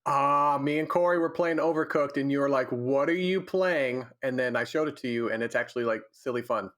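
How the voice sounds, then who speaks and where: A man's voice: mid-range voice, steady tone, quick pace, fairly bright tone. A young man co-hosting a casual gaming podcast, trading sarcastic, teasing banter. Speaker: podcast co-host. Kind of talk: casual chat.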